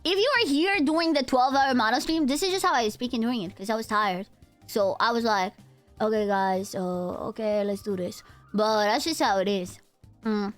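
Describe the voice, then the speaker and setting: Nasal, high-voiced young woman streamer. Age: 20s. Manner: chatty, talks straight to her chat, drifts between tired and energetic. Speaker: VTuber streamer. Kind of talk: casual live-stream chat.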